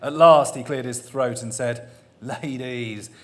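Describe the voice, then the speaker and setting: A man's voice: medium pitch, fairly even intonation, moderate pace. A man reading a comic novel aloud, amused and often laughing as he reads. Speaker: reader.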